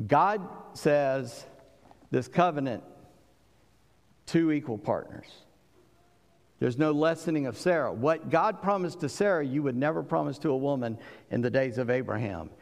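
A man's voice: a little high, lively intonation, unhurried, vocal fry, long pauses, in a large hall. A man preaching a sermon with emphatic delivery, voicing figures from scripture as he goes. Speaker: pastor.

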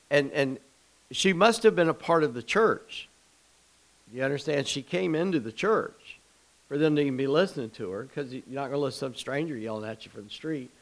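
A man's voice: a little high, low-quality recording. A man leading a Bible study class in a conversational way, rambling with frequent restarts and putting questions to the group.

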